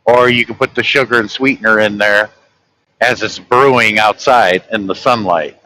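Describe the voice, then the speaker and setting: A man with a Southern American accent chatting casually and telling folksy, relaxed stories. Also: on the low side, normal speed, slight background noise, low-quality recording. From southern United States. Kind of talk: casual chat.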